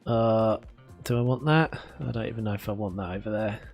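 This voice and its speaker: South London bloke, slightly low voice, rambling self-mocking gameplay chatter. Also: male voice, brisk, vocal fry, darkish tone, faint music behind. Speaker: gaming streamer. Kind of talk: casual gameplay commentary.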